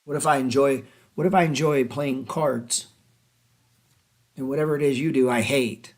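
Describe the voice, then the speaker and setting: A man hosting a trading show, delivering a heated casual rant full of profanity, mockery and rapid rhetorical questions. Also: medium pitch, fairly even intonation.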